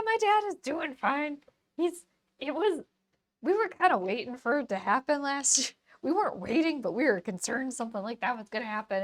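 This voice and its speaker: A woman voicing a hyper, over-caffeinated cartoon frog in a silly, excitable stream voice. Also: sits high.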